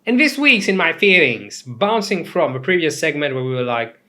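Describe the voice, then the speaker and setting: A young man from Mauritius hosting a casual comedic commentary show, talking in an animated, rambling way with swearing and asides. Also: on the high side, moderate pace. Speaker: host.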